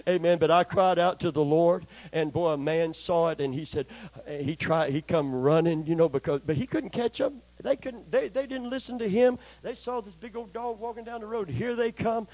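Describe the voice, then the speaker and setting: A man's voice: sits high, darkish tone, no room sound. Older man preaching a folksy sermon. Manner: homespun, calls for amens from the congregation. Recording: slightly dull, dry recording.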